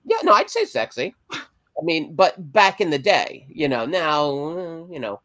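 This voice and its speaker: A man's voice: on the high side, big pitch swings, unhurried, bright, forceful tone, dry recording. A man co-hosting a podcast, rambling with frequent stammers and self-deprecating jokes. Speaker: podcast co-host. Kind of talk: casual chat.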